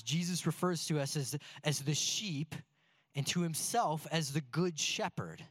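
A man's voice: a little high, a bit bright, no echo, clean studio sound. A man preaching a sermon in a loose, joking way, full of rhetorical questions. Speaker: pastor.

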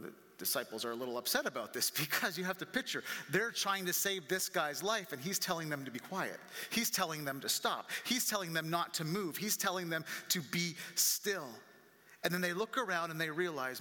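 Man, pastor, sermon, dramatic storytelling, piercing bright tone, reverberant sanctuary. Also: high voice, expressive, unhurried. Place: church sanctuary.

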